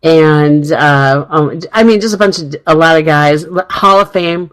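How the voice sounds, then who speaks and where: A woman with a low-sitting voice speaks a little slowly on a rough recording. Co-hosting a radio talk show, she tells stories casually, laughs often, and acts out the lines of the people in them.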